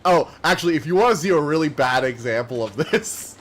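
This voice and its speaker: Male game streamer, a bit high-pitched, quick and slurred, rambling casual chat. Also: lively intonation, slight background noise. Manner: talks fast and slurs words together; chatty and rambling, many fillers. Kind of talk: casual live-stream chat while gaming.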